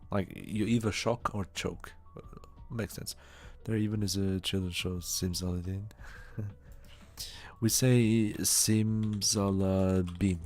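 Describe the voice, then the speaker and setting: A man with a Swiss German accent, talking slowly in a soft-spoken ASMR chat and stumbling over foreign names. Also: low voice. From Switzerland. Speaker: streamer.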